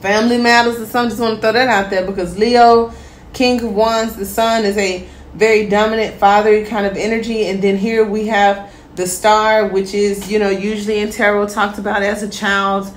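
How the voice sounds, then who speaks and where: A woman's voice: medium pitch, normal speed, echoey room, slight background noise. Chatty woman giving a tarot reading. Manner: chatty, encouraging, addresses viewers as "my star" and "my healers"; relaxed, with many fillers. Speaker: tarot reader. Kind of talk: casual tarot reading to viewers.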